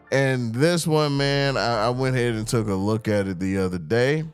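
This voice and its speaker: A man hosting a podcast in casual chat, talking in an animated, profane way and often mimicking other people's voices. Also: mid-range voice, moderate pace, clean tone, soft background music. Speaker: podcast host.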